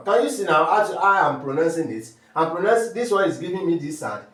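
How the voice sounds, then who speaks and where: Teaching French sounds step by step, a man with a Nigerian accent repeats terms in slow, repetitive drills and throws in rhetorical questions. His voice is a little high, animated and a bit bright, captured far from the mic and off-mic in an echoey room.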